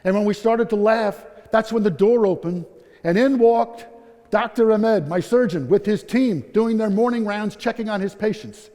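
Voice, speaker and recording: Man, middle-aged, self-deprecating storyteller, highish voice, conference hall echo. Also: moderate pace, warm tone. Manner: candid, self-deprecating, quotes people in their voices. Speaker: conference speaker, patient. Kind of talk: personal story told on stage. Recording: long hall reverb.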